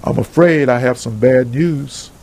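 A man voicing a calm male hospital doctor who speaks in a measured, formal way. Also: mid-range voice, gravelly, slight background noise, pitched below the performer's own voice, low-quality recording. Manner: measured, formal bedside manner.

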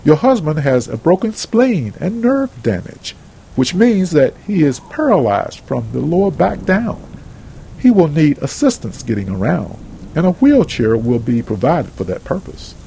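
A man voicing a calm male hospital doctor who speaks in a measured, formal way. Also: on the high side, vocal fry, a little hiss or hum, exaggerated voice, low-quality recording. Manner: measured, formal bedside manner.

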